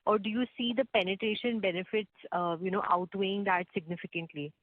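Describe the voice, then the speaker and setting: A woman analyst asking questions on an earnings call, polite and halting with fillers. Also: mid-range voice, no room sound. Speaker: financial analyst. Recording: dry, tinny phone line.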